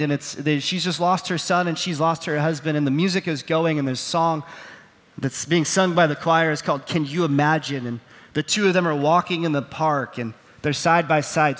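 High-voiced male pastor in a reverberant hall. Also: fairly bright tone. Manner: storytelling with acted quotes, earnest and self-deprecating. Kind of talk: sermon. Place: on a stage in a large hall. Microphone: wearing a microphone.

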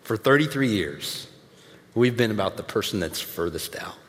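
A man's voice: fairly low pitch, animated, normal speed. A man preaching a sermon in a conversational, emphatic way with casual asides, speaking to a church audience. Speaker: pastor. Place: large church hall with audience. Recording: long hall reverb.

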